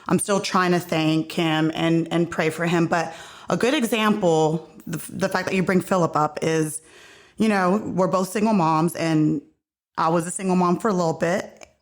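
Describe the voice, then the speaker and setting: A woman's voice: fairly low pitch, fairly even intonation, normal speed. Earnest woman telling an emotional story. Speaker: podcast guest. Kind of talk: casual chat.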